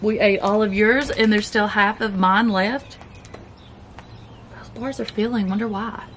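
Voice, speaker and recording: In a casual food review for her vlog, a keto vlogger with a Southern US accent samples keto snacks, chatty and laid-back and talking through bites. She speaks a little slowly in a steady, mid-range voice, over a little hiss or hum.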